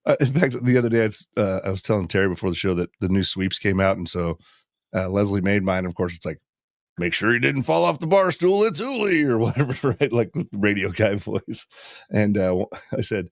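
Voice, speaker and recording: A man's voice: sits low, fairly quick, no echo, clean studio sound. A man who works in radio, trading jokes in casual chat and laughing a lot. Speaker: radio host.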